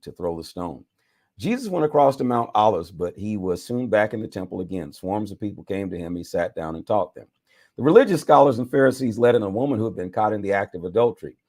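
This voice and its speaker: A man's voice: on the low side, a little mellow, no room sound, clean studio sound. A man, a bishop, reading scripture aloud with dramatic emphasis, now and then correcting himself and adding his own remarks. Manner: dramatic reading with self-corrections and side comments.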